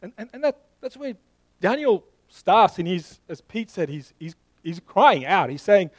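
Man preaching, chatty, repeats and restarts, slightly high voice, dry close sound. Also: big pitch swings, measured pace, slightly rough, no echo. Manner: conversational, restarts often, direct appeals to listeners. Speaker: pastor. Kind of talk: sermon.

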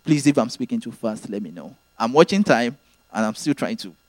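A male preacher delivers a sermon in an earnest teaching manner, circling back to his main phrases. His pitch moves in a lively way. The sound is dry and close. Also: a little fast, no echo.

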